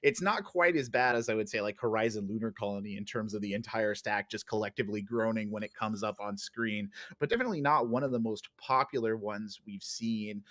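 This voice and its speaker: Excitable male esports play-by-play caster. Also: lowish voice, brisk, few pauses, no echo, studio quality. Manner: excitable during fights, chatty between maps. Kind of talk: esports commentary.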